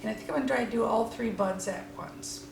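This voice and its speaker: Talking fast in a slightly high voice with vocal fry, a woman teaches watercolor and chats excitedly as she paints. It's a painting demonstration captured in an echoey room with faint noise.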